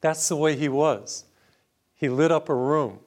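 A man's voice: fairly high pitch, a little slow, darkish tone. A middle-aged male priest giving a homily, telling a personal story in a conversational, earnest way and stressing his point with repetition.

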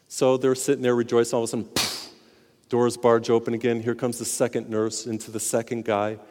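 A man's voice: medium pitch, monotone, brisk, a little mellow. A man, a priest, giving a sermon in a conversational, storytelling way, sometimes emphatic, in a large reverberant hall.

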